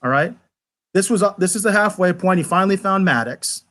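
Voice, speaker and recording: A man talking casually as co-host of a live review show, animated and rambling, often restarting his sentences. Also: high voice, a little fast. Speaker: podcast co-host.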